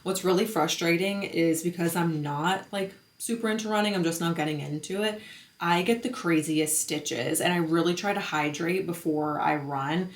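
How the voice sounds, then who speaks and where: Young woman, 20s, chatty lifestyle vlogger, slightly low voice, roomy gym echo. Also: moderate pace. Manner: chatty, bubbly, lots of "like" and "um". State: out of breath. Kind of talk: casual vlog chat.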